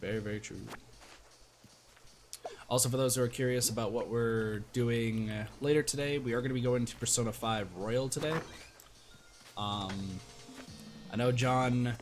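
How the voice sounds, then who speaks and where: A man's voice: mid-range voice, fairly even intonation, moderate pace, pauses often, over music. A man casually chatting to his viewers while streaming a video game, rambling and thanking chat by name. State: hiccups.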